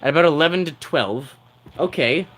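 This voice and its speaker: A man's voice: fairly high pitch, normal speed, fairly bright tone, faint music behind. A man chatting with his livestream audience in a teasing, rambling way, laughing often. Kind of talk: casual livestream chat.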